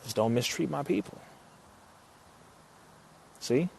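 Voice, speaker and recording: A man's voice: on the high side, animated, slow, creaky, darkish tone, breathy edge. A man talking to viewers on a live stream, reading their comments and answering them, preachy and emphatic, repeating his points. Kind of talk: casual live stream talk.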